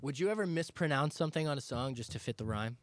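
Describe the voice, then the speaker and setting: A man's voice: medium pitch, expressive, fast talker, no room sound. A young man in casual chat, easygoing and explaining his points.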